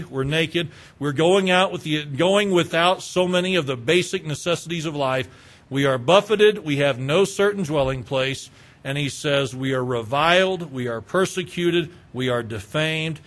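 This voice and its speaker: A male preacher delivering an expository sermon, slow and emphatic, stacking repeated phrases. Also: fairly high pitch, fairly bright tone.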